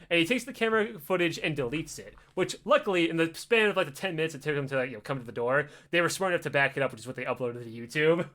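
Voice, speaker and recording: A male podcast host spins a casual story with lots of swearing. His voice sits high and leaps around in pitch as he goes. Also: racing, hardly any pauses. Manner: animated, heavy swearing, acts out voices.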